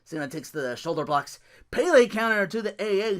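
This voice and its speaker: A man hosting a podcast, recapping wrestling matches in a casual, animated play-by-play, laughing often and swearing freely. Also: high-pitched, normal speed. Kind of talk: casual solo recap with impressions.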